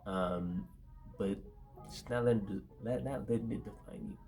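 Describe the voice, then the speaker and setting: Halting man with a stutter. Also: lowish voice, mellow, soft background music. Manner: halting, many fillers, laughs easily. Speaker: podcast co-host. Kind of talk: casual faith conversation.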